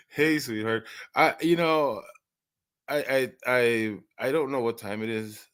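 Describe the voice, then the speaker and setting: A man's voice: medium pitch, measured pace, a bit bright, clean tone. A man hosting an early-morning live stream, chatting casually, rambling and stammering through many restarts and laughing often.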